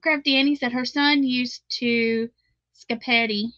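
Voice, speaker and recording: Bright, chatty Southern woman. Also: a little high, fairly even intonation, a little slow, dry recording, dull audio. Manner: chatty, laughs often, reads viewer comments aloud. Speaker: crochet livestream host. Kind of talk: casual chat while crocheting live.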